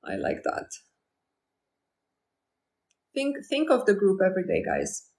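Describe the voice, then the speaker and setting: A woman's voice: medium pitch, wildly swooping pitch, takes it slowly, creaky, darkish tone, reverberant. A woman hosting a casual live stream as a manifestation coach, talking confidently and chattily to viewers. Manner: confident, chatty, acts out quoted lines.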